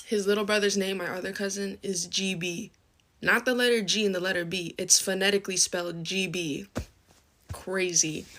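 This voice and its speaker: A woman's voice: mid-range voice, a bit bright. A woman telling a story casually to camera, amused and chatty, breaking into laughs.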